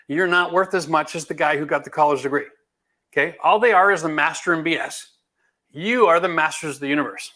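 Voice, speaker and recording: A man's voice: a little high, pushed and bright. A middle-aged man from Canada, a home renovation host answering viewer questions in a blunt, emphatic, folksy way. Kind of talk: live Q&A chat.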